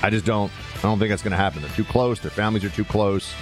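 A man hosts talk radio in a lowish voice, chatting casually with callers and restarting his sentences often. Soft music plays under him. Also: fast. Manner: conversational, restarts, many "uh" fillers. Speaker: radio talk show host.

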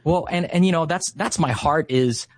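A man's voice: fairly high pitch, moderate pace, no room sound, clean studio sound. A man in his thirties from Hawaii, a guest in an interview, telling a story earnestly and passionately with lots of fillers. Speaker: guest, Christian activist.

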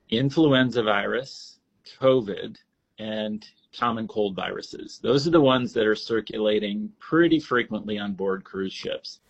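A man, a state epidemiologist, giving measured, explanatory interview answers. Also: fairly low pitch, creaky, fairly bright tone, husky. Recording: dull lo-fi interview audio.

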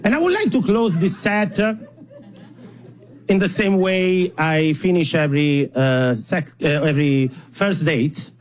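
An Italian stand-up comedian performs a lively set at a live show, his voice fairly high and his pace unhurried. He's playful and self-mocking, laughing between lines and using hesitant fillers while the crowd laughs.

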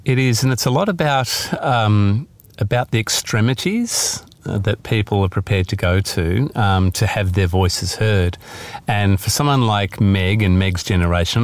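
Deep-voiced author, thoughtful and halting. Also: male voice, no room sound. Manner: thoughtful, hesitant with many fillers. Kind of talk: interview about his novel.

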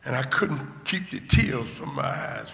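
An older male preacher giving a sermon testimony, moving from hushed storytelling to shouted rejoicing. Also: mid-range voice, lively intonation, unhurried, creaky. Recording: echoey hall with long reverb.

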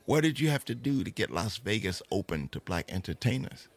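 A man's voice: fairly low pitch, very animated, a little fast. A man voicing an eager male magazine reporter who asks polite questions. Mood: curious. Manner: polite, inquisitive.

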